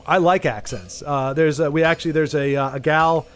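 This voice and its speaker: A man's voice: fairly high pitch, fairly even intonation, normal speed. A man with a Southern US Texan accent, chatting casually to viewers while streaming a game. He rambles, trails off mid-thought and restarts his sentences. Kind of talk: casual chat while gaming, talking to viewers.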